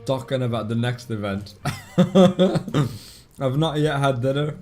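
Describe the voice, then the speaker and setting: A chatty man streaming a game from home, talking casually to his viewers and answering their messages with frequent laughs. His voice sits at an ordinary middle pitch, and soft game music plays faintly underneath. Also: animated, takes it slowly. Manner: chatty, reads out and answers chat, laughs often. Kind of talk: casual live-stream chat.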